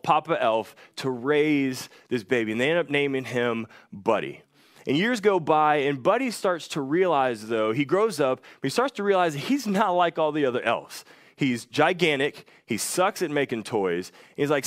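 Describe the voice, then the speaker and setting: A man's voice: fairly high pitch, lively intonation, moderate pace, dry recording, studio quality. Enthusiastic man preaching casually. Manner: enthusiastic, conversational, with playful asides. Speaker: guest speaker. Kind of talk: sermon retelling a movie.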